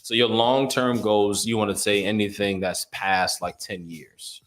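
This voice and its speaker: A man's voice: lowish voice, fairly even intonation, measured pace, fairly bright tone. Man explaining budgets on morning radio. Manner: explanatory, ends points with "right?". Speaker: guest speaking on personal budgeting. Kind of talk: casual radio chat. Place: radio studio.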